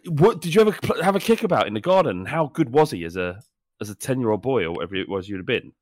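A man's voice: medium pitch, animated, quick pace, darkish tone, dry recording, studio quality. Guy riffing on a comedy pod, voice bounces all over, playful, no room sound. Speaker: podcast co-host. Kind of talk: casual comedic chat.

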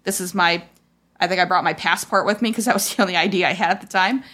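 A podcast host speaks quickly in a fairly low, fairly bright woman's voice. Her casual, rambling retelling of a painful family memory is loaded with "like" and "I was like" quotes and sounds raw and frustrated.

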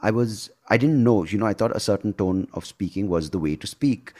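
Earnest, low-voiced man. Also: fairly quick, darkish tone. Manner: reflective, earnest, shares personal experience. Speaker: host. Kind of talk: conversational interview.

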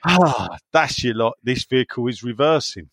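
A man's voice: medium pitch, expressive, normal speed, a bit bright, no echo, studio quality. A man hosting a podcast, reading out listener messages and joking bluntly between them. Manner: jokey, cheeky and blunt. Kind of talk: casual chat.

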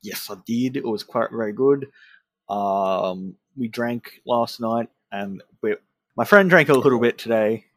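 A man's voice: mid-range voice, unhurried, a bit bright, dry recording. A man co-hosting a casual podcast, tired and self-deprecating. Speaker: podcast co-host. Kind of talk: casual chat.

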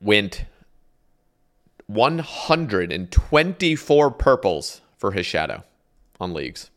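A man's voice: on the low side, sing-song, slow pace. A man hosting a gaming podcast, chatting in a laid-back, slangy way. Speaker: podcast host. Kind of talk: casual gaming chat.

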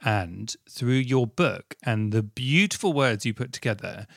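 A man's voice: mid-range voice, expressive, a little slow, creaky, dry recording, studio quality. A man hosting a podcast interview, talking in an effusive, rambling way with many restarts. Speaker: podcast host. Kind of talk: casual interview and outro.

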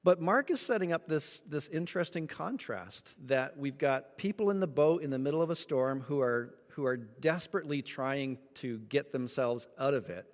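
A man preaching a sermon, telling a story with lively acted-out moments. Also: mid-range voice, moderate pace, few pauses, long reverb tail. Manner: animated storytelling, acts out voices. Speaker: pastor.

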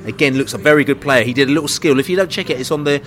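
A man's voice: medium pitch, racing, fairly bright tone. A man with a London accent hosting a casual football podcast in a pub, chatty and rambling, joking as he goes. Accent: London English. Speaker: podcast host.

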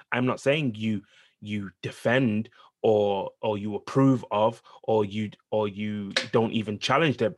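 A man's voice: lowish voice, slightly rough. A man co-hosting a podcast, debating politics in casual chat and repeating himself to hold the floor. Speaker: podcast co-host.

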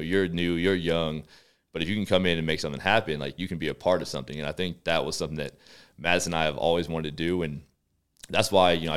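A man from Texas in his thirties, a football quarterback talking as a guest in a radio studio, relaxed and rambling with lots of fillers. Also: very deep voice, clean tone. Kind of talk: casual radio interview chat.

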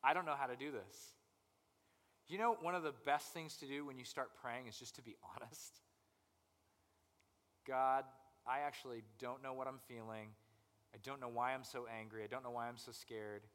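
A young man preaching a conversational sermon as pastor, animated and acting out people's inner voices. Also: medium pitch, moderate pace, pauses often, in a large hall.

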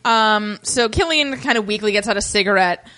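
A woman hosting a casual podcast, recapping a show. She talks in an animated, rambling way full of fillers and laughs easily. Her voice sits in a middle range. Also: medium pitch. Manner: chatty and animated, quick to laugh, many fillers. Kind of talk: casual chat.

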